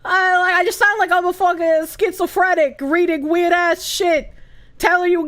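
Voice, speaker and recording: Very high-voiced giggly woman streamer. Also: moderate pace. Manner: giggly, swears freely, animated reactions. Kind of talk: casual stream reaction chat. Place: room with echo dampeners.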